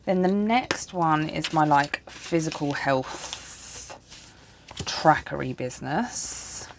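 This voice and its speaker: A woman's voice: low voice, lively intonation, slow pace, gravelly, slight background noise. A tired woman in her thirties, chatting and rambling while she sets up her planner at home. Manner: rambling, chatty, self-deprecating. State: tired and yawning. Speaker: planner vlogger. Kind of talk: casual chat while crafting.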